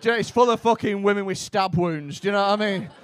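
A man's voice: high-pitched, fast, clean tone. A young man doing stand-up crowd work, brash and teasing, with plenty of swearing, on a comedy club stage. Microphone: handheld stage mic.

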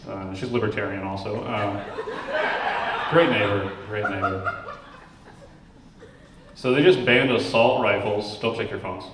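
A man doing a stand-up comedy set, delivering deadpan jokes that break into sudden loud outbursts. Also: on the low side, unhurried, pauses often, noisy background. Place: comedy club stage. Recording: roomy club sound from a distance, crowd laughing. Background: audience laughter.

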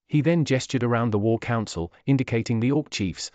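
A man's voice: medium pitch, expressive, normal speed, few pauses, a little mellow, no room sound. Man narrating a fantasy story. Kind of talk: scripted narration.

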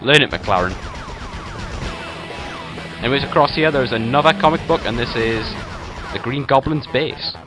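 A man's voice: mid-range voice, normal speed, pauses often. A young man giving casual, rambling commentary over a video game walkthrough, often correcting himself mid-sentence. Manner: chatty, rambling, self-correcting. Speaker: gameplay commentator. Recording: game music behind voice. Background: game music and gunfire sounds.

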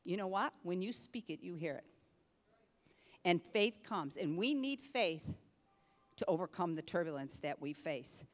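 An older woman pastor preaching a sermon with animated delivery, dropping to a hush and then rising to force. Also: on the low side, a little slow. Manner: animated preaching, swinging between hushed and forceful. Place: church sanctuary. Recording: reverberant church hall.

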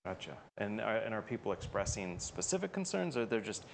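A man's voice: fairly low pitch, very animated, brisk, gravelly, slight background noise. A man co-hosting a talk show, asking probing, conversational questions of a guest. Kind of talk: radio talk show interview.

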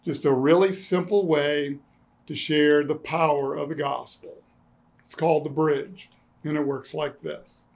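Man preaching with dry humor. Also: fairly high pitch. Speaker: pastor. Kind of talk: sermon. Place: church sanctuary.

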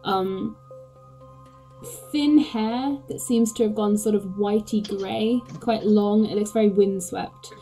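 A woman's voice: mid-range voice, fairly even intonation, takes it slowly, over music, rough recording. A woman game master narrating a tabletop game, describing scenes hesitantly with many fillers.

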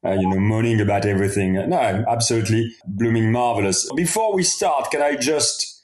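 A man's voice: on the low side, brisk, darkish tone. A middle-aged man with a French accent, a guest on a podcast who tells stories in a cheerful, chatty way. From France. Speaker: guest entrepreneur. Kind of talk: casual podcast interview. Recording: echoey room.

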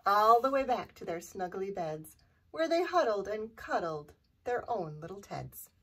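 A woman reading a picture book aloud for a children's storytime, gentle and sing-song. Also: medium pitch, big pitch swings, measured pace, husky, distant mic.

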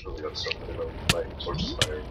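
A man's voice: deep voice, monotone, fairly quick, pushed and bright, a little hiss or hum. A man joining a game video in casual chat, making dry, teasing remarks. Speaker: co-player.

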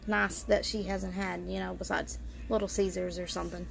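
A woman's voice: lowish voice, flat delivery, moderate pace, gravelly, soft background music. A woman vlogger telling a family story in casual style, bluntly and with free swearing. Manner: blunt, swears freely, lots of "you know" fillers.

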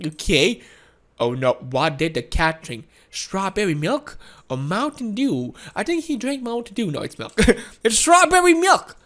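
A woman giving excited let's-play commentary, giggly and excitable with frequent laughs and exclamations. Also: medium pitch, unhurried. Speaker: gameplay commentator.

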